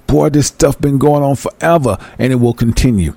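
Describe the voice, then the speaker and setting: A man leading a verse-by-verse bible study, reading verses slowly and then explaining them in loose, fired-up street talk. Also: medium pitch, creaky, dark tone, no echo. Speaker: scripture teacher.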